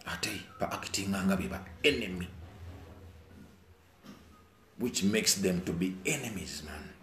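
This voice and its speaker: A man's voice: low voice, expressive, normal speed, slight background noise. Ugandan man, emphatic repetitive rant, roomy echo. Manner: repetitive, emphatic, mixes local language and English, swings from quiet to loud. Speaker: musician. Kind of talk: emotional direct-to-camera rant.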